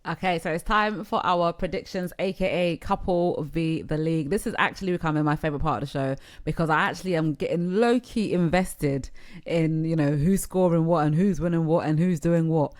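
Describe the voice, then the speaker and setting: A woman's voice: low voice, brisk. Playful woman co-hosting a podcast. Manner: playful, laughs often. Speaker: podcast co-host, football learner. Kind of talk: casual chat.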